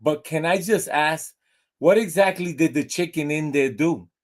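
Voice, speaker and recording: A man's voice: on the high side, moderate pace, close to an everyday voice. A man voicing a suddenly polite male parrot in a joke, speaking in a prim, overly courteous way. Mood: timid.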